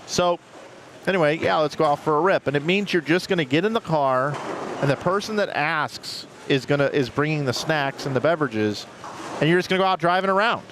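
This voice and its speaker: A man's voice: on the high side, animated, brisk, a bit bright, a little hiss or hum. A man commentating a live bowling stream, rambling through chatty stories between play calls.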